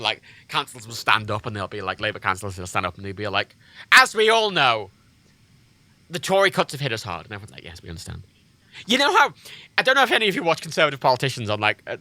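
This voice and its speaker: A man's voice: medium pitch, bright, forceful tone, no echo. A man livestreaming a flight game, ranting sarcastically about local politics with lots of swearing. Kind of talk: casual gaming-stream rant.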